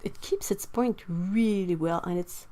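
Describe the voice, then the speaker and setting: A woman's voice: on the low side, a little slow, dark tone. A woman hosting a livestream in a casual chat while painting. She reads viewer comments aloud and laughs often.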